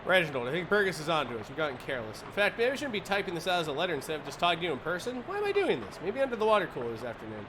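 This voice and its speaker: A man's voice: a little high, sing-song, rapid-fire, few pauses, noisy background. A man streaming a video game, reading its text aloud with jokey asides. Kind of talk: casual game commentary.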